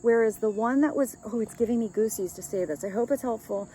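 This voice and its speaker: A woman's voice: on the high side, brisk, warm tone, slight background noise, poor audio. A woman giving a casual, rambling love reading as a tarot reader, chatting with light laughs.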